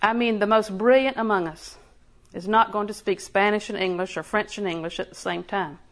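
A woman's voice: medium pitch, fairly quick. A woman preaching a sermon in a conversational way, laughing often and building emphasis.

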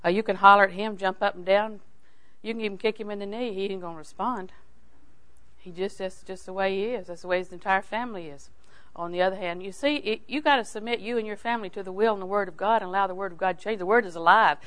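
A woman's voice: medium pitch, fast. Folksy older woman preaching. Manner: folksy and animated, swings from loud emphasis to hushed asides. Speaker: Bible teacher. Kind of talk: sermon.

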